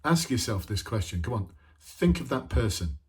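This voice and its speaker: A man's voice: mid-range voice, big pitch swings, normal speed, breathy edge. A middle-aged man, a former police officer, giving an informal coaching talk full of rhetorical questions. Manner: conversational, asks many rhetorical questions, talks to himself. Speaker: former police officer turned leadership trainer.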